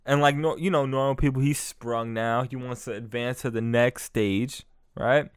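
A man hosting a podcast, giving crude comic commentary on clips, laughing often and excitable. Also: medium pitch, normal speed, clear, resonant tone, dry recording, studio quality. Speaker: podcast host.

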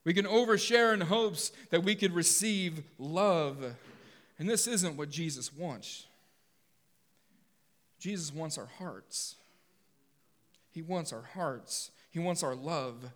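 A man preaching a sermon to his congregation, animated and joking with them now and then. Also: on the high side, takes it slowly, long pauses. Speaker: pastor. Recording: long hall reverb.

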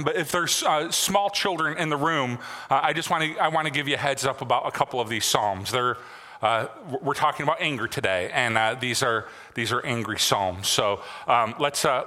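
Pastor, man in his forties: higher-set bright voice, halting delivery with many fillers and restarts, reverberant church hall. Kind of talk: sermon. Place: church sanctuary.

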